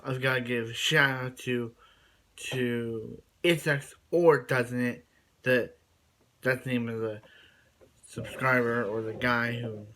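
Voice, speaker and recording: A man talking casually to his viewers as he recaps a television episode. He rambles, backs up and repeats himself as he goes, at a middle pitch for a man. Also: a bit bright. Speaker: show reviewer.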